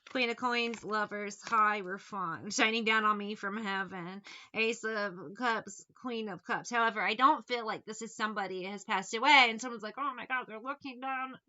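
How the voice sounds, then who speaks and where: A woman's voice: medium pitch, fairly even intonation, normal speed, few pauses, bright, forceful tone, highs cut off. A woman giving a casual tarot reading, blunt and sarcastic, swearing freely as she talks through the cards. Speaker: tarot reader.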